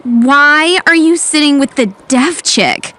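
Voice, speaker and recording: Whiny spoiled teen girl, jealous and bossy, high nagging voice, put on by a woman. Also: slow pace, sharp tone, full character voice. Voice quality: whiny, annoying. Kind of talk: animated story voice acting.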